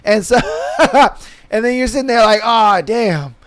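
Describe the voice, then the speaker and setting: High-voiced, slangy male podcast host. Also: steady tone, moderate pace, smooth, dry recording. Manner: slangy, laid-back, laughs often. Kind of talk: casual solo podcast commentary.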